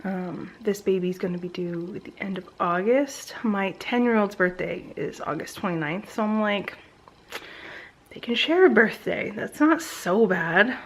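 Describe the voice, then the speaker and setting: A woman's voice: medium pitch, lively intonation, measured pace, slight background noise, low-quality recording. A woman in her thirties talking casually to a camera at home in a pregnancy vlog update, chatty and rambling with many ums and likes. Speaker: vlogger. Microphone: camera close by.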